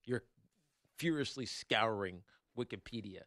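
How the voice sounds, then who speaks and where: A man hosting a sports talk show, rambling and joking in a casual, animated way with lots of fillers. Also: on the low side, measured pace, no echo. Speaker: sports radio host.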